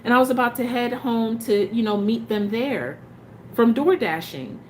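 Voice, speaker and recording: A woman's voice: a little high, lively intonation, normal speed, a little hiss or hum. A woman telling her story as a parent in a casual vlog, frustrated and emphatic, with many restarts.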